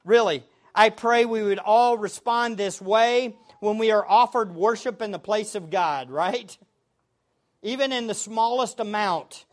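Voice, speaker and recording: A man preaching a sermon, with expressive delivery, sometimes shouting the quoted words. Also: sits high. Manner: expressive preaching, shouting acted quotes, laughing between points.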